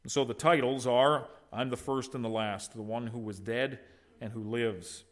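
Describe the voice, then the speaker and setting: A man preaching an expository sermon, swinging from loud emphatic peaks to soft low endings, with conversational asides to the congregation. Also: fairly even intonation, moderate pace. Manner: conversational, teases congregants by name. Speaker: pastor.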